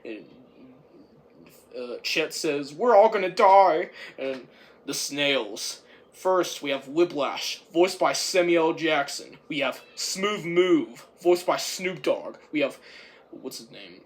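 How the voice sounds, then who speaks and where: Dude rambling thru a movie review real slow, lots of uh and restarts. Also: male voice, on the high side, animated. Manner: halting, repeats words, frequent fillers and restarts.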